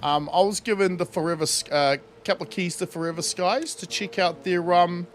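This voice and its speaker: A man's voice: sits high, fairly even intonation, a little fast, faint music behind. A young man casually commenting on his game during a livestream, laughing often and swearing freely. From New Zealand. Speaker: streamer.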